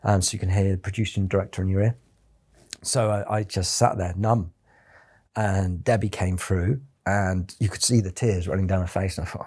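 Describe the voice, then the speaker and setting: A man's voice: on the low side, a little fast, darkish tone, slightly rough. A middle-aged man, a company founder, telling anecdotes in an interview with a chatty storytelling manner. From England. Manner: chatty anecdotal storyteller, acts out quoted voices.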